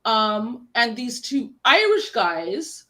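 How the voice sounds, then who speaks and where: A woman from the United States chats casually, winding through a long story full of restarts. She puts on little voices for everyone she quotes, and her voice sits a bit higher than most. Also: very animated, slow, sharp tone. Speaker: guest panelist. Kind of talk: casual chat.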